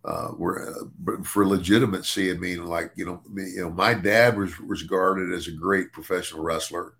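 An older man chats casually on a podcast in a low, gravelly voice. He keeps restarting and repeating words as he talks. The tone stays easygoing and conversational. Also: steady tone, normal speed, a bit bright. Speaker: podcast co-host and former wrestler.

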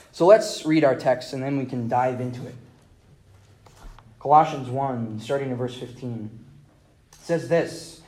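A man's voice: a little high, warm tone. A man preaching an earnest, explanatory sermon. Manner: earnest, explanatory, with occasional restarts.

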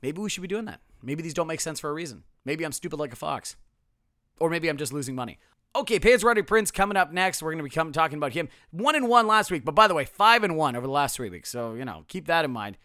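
Fast, lively male podcast host, sarcastic, bright voice, dry close mic. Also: a little high, dry recording. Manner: sarcastic, self-mocking, animated. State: strained voice. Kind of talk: casual solo podcast.

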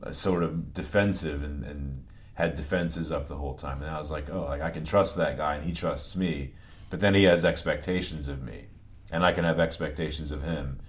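Very low-voiced man, halting and relaxed. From New England, US. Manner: relaxed, halting, restarts phrases, many murmured agreements. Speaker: podcast guest. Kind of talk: conversational interview.

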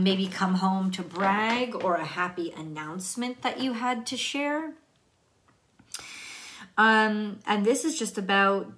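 A woman's voice: medium pitch, a bit bright. Chatty woman reading tarot. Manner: chatty, laughs, restarts often. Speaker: tarot reader.

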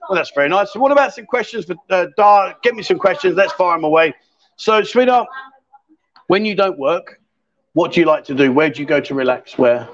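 A man hosting a live stream from a bar club, joking and teasing his guest in quick banter. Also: high voice, lively intonation. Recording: dull lo-fi sound.

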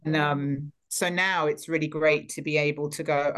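A woman's voice: sits low, fairly even intonation, normal speed, hardly any pauses, fairly bright tone. A woman energy healer and coach, a podcast guest, talking reflectively and often circling back as she searches for the right words. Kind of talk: casual podcast conversation.

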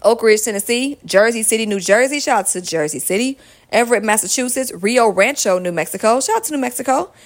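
A woman's voice: on the high side, lively intonation, a little fast. A woman hosting a podcast, casually reading out a long list of towns with friendly asides. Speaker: podcast host.

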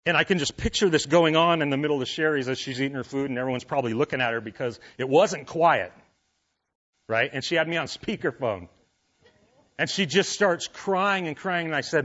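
A man's voice: on the high side, normal speed, fairly bright tone, highs cut off. A male pastor preaching a sermon in a conversational way, his voice rising and falling with feeling as he asks the congregation questions.

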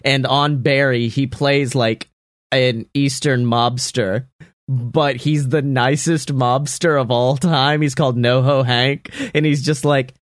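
Animated young man, dry close sound. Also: medium pitch, slow pace, dry recording. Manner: animated, laughing, swears freely. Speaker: show creator and voice actor. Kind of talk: casual podcast chat.

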